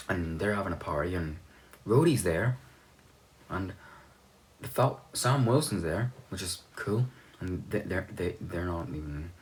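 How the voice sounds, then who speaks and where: A man's voice: low voice, slight background noise. A young man giving a rambling, offhand recap of a movie's plot, swearing now and then. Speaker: movie reviewer.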